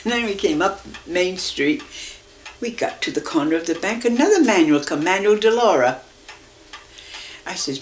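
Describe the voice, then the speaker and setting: Older woman telling lively old stories. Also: fairly low pitch, moderate pace, pauses often, slight background noise. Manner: lively, acts out voices in her anecdotes. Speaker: interviewee. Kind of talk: reminiscing storytelling.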